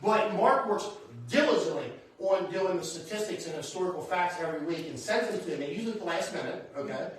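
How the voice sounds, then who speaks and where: A man's voice: sits high, lively intonation, brisk, hardly any pauses, a little hiss or hum. A man hosting a live show, chatting loosely with guests and filling gaps with asides. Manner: rambling, chatty, lots of "you know what I mean". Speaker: host. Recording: very echoey hall from far off.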